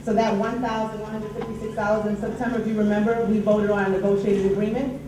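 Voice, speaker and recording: A woman with a New York accent reads out treasurer and committee business, upbeat and animated at times. She sounds far from the recorder in a very echoey hall, with steady noise behind her. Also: mid-range voice, quick pace. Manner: upbeat, animated when announcing. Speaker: union treasurer and committee chair. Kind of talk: meeting report. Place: large meeting hall. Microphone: distant from the recorder.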